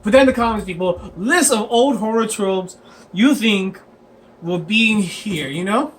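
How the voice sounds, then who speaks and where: A man's voice: high voice, unhurried. A man chatting casually as a dungeon master, rambling and laughing with many fillers. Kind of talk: casual chat.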